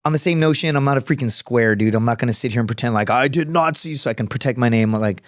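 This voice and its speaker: Man, podcast guest, casual storytelling, swears a lot, acts out voices, mid-pitched, dry close studio mic. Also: quick pace, no room sound. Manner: profane, animated, acts out quoted voices.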